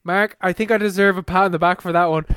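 A young man co-hosting a podcast in casual chat, talking fast with lots of fillers and the odd swear. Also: high voice, fairly even intonation, a bit bright, clean tone, no echo, clean studio sound. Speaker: podcast co-host.

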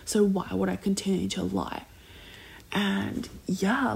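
A young woman telling a long personal story in a casual, rambling way, full of "like" fillers and slipping into soft whispers. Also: mid-range voice, little pitch movement, takes it slowly, vocal fry, breathy edge.

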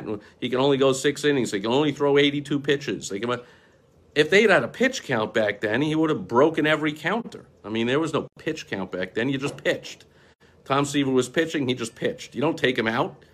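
A man's voice: fairly high pitch, a bit bright. A middle-aged man from New York talking casually and passionately to camera, rambling through memories and reeling off statistics. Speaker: vlogger, baseball fan.

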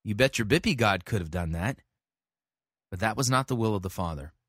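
A male host reviews a sermon with a critical, corrective edge, citing scripture as he goes. His voice rises and falls in an animated way with a bright, forward tone, and it sounds dry and close. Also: fairly low pitch, brisk, dry recording. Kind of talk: critical commentary and preaching.

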